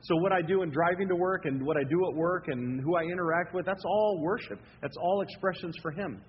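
A man's voice: high voice, fairly quick. A man preaching an expository sermon as pastor, emphatic, repeating key words and prompting the congregation to answer back. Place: church sanctuary. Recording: reverberant hall, dull lo-fi sound, faint noise.

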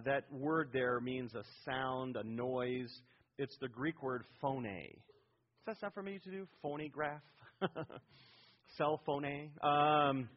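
A middle-aged man delivers an expository sermon, pushing hard on key words and quizzing his listeners. His voice sits a little high and sounds husky. The recording is dull and lo-fi, like an old radio broadcast. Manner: emphatic, rising loud on key words, asks the congregation questions. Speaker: pastor.

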